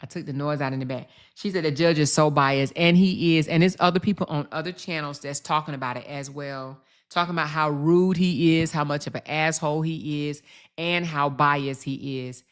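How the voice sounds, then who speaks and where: A young woman hosting a livestream, chatting casually with viewers and reading their comments aloud, jumping up in pitch when she gets excited. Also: normal speed, smooth. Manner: chatty, addresses viewers directly, reads out chat; animated, jumps up sharply in pitch when excited. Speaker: livestream host.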